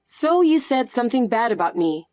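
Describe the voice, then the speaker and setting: A woman's voice: on the high side, big pitch swings, moderate pace, darkish tone, no echo. Synthetic woman narrating a story.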